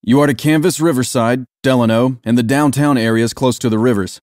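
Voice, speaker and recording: A man's voice: medium pitch, a little fast, dry recording, clean studio sound, close to an everyday voice. A man voicing a scornful, bossy police lieutenant who speaks curtly and with contempt. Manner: curt, contemptuous, shouting.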